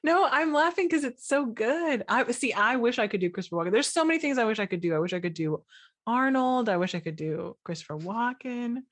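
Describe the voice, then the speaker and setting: A woman's voice: on the high side, lively intonation, brisk, dry recording. A woman co-hosting a podcast in casual chat, giggly and self-deprecating. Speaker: podcast co-host.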